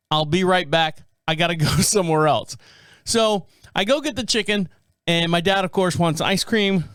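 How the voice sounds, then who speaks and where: A man's voice: sits high, a bit bright, smooth, no room sound. A middle-aged man hosting a podcast, telling a rambling everyday story in a casual way and acting out the people he quotes. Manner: rambling anecdotal delivery, acts out quoted people. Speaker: podcast host.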